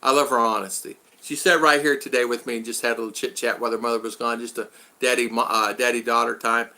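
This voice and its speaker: A man's voice: medium pitch, flat delivery, quick pace, pushed and bright. A man in his sixties casually chatting on a live stream from his home, reading viewer comments aloud and laughing often. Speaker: vlogger hosting a live stream. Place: home in the Philippines.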